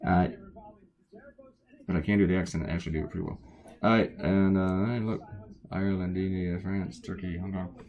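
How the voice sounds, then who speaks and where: Tired cartoonist, male, low gravelly voice, rambles casually while drawing. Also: steady tone, a little fast, long pauses, highs cut off. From United States. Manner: rambling, wandering off topic.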